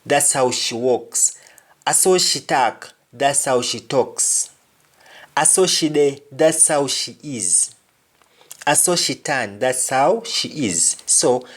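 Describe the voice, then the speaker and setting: A man teaching a language lesson, speaking deliberately and repeating each example phrase. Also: mid-range voice.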